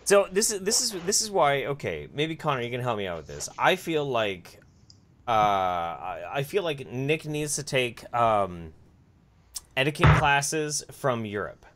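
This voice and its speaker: A man co-hosting a live-streamed podcast, chatting casually and excitably asking long questions. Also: medium pitch, unhurried, slight background noise. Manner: excitable, asks questions at length. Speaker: podcast co-host.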